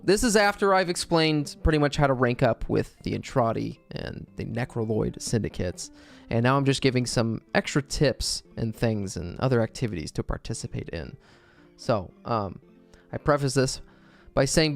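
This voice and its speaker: A man's voice: mid-range voice, expressive, moderate pace, gravelly, faint music behind. A male streamer in casual livestream chat, laid-back and profane with joking asides, reading his own script aloud.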